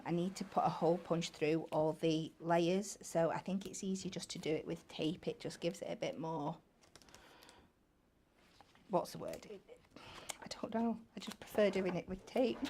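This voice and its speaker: A woman's voice: medium pitch, a little mellow, a little hiss or hum. Chatty woman craft demonstrator. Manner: chatty, explaining step by step. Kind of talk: hands-on crafting demo. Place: TV craft studio.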